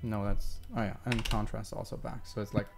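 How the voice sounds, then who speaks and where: A man's voice: on the low side, little pitch movement, a little fast, gravelly, music in the background. A man live-streaming his video editing, talking casually and thinking aloud with many fillers.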